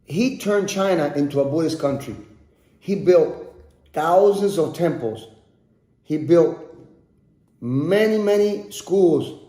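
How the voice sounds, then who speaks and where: A man's voice: fairly high pitch, takes it slowly, long pauses, dark tone. Man telling a story, echoey room. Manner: repeats and restarts words while telling. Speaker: podcast host. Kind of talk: storytelling narration.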